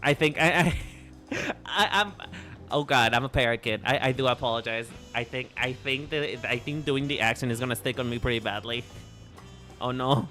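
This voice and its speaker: A man's voice: mid-range voice, normal speed, sharp tone, soft background music. Playful, stammering male game streamer. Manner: chatty and playful, teases his chat, repeats and restarts words. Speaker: VTuber streamer. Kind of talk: casual game livestream chat.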